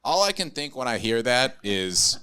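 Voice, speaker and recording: A man's voice: mid-range voice, very animated, normal speed, bright, forceful tone, smooth. A young adult man doing stand-up comedy with a dry, ironic delivery.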